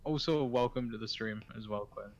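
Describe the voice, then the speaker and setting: A man's voice: on the low side, moderate pace, dull audio, slight background noise. A man in casual chat, hesitant and giggly, with many fillers.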